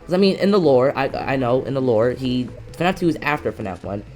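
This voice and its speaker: A young man giving a casual movie review on camera, excitable and rambling, often restarting his sentences. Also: mid-range voice, a little fast, soft background music. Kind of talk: casual reaction rant. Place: indoors, filming himself.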